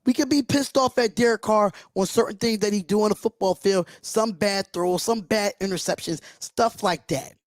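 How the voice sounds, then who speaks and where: His voice sits high as he hosts a live fan reaction stream, impassioned, blunt and quick to swear. Dry, studio-quality recording.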